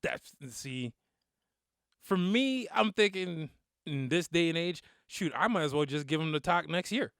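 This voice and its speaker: A man's voice: on the high side, expressive, measured pace, vocal fry, a bit bright, smooth, dry recording, studio quality. A man in his thirties co-hosting a podcast, chatting loosely with joking slang banter. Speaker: podcast co-host. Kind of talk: casual chat.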